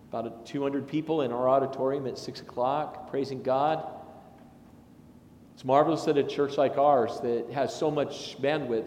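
A man, a pastor, delivering a sermon in a chatty, anecdotal way with lively asides. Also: mid-range voice, a little hiss or hum. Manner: conversational and anecdotal, with animated asides. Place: large church sanctuary. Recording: echoey sanctuary with long reverb.

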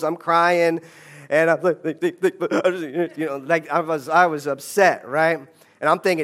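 A man's voice: fairly high pitch, steady tone, moderate pace, fairly bright tone. A man giving a conversational storytelling talk, often checking in with his audience. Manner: conversational, asks the audience "right?".

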